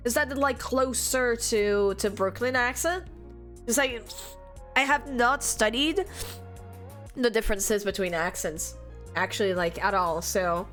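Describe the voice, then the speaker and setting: A woman's voice: a little high, fairly bright tone. A young woman from France chatting casually on a livestream, giggly and laughing often. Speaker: streamer.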